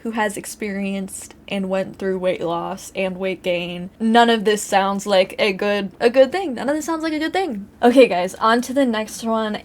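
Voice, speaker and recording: Brief: young Midwestern woman, chatty story reader, slightly high voice, swears and laughs. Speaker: YouTuber reading Reddit stories. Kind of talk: casual reading and commentary.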